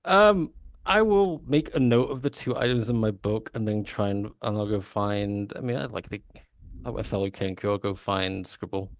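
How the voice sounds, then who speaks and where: A man's voice: on the low side, moderate pace, no room sound. A man playing a tabletop game who talks hesitantly, with laughing asides. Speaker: player. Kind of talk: casual tabletop play.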